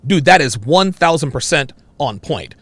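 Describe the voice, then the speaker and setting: A man's voice: expressive, moderate pace, fairly bright tone, no echo. Man with wildly swinging vocal inflections. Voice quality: distinctive voice. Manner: swings between very high and very low inflections. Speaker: show host reading viewer messages. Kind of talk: live-stream commentary.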